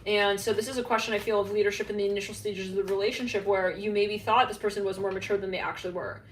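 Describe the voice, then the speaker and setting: A woman giving a casual, rambling psychic tarot reading, full of fillers and quick asides, sometimes laughing at herself. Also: mid-range voice, fairly even intonation. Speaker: tarot reader. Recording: echoey room, faint background hum.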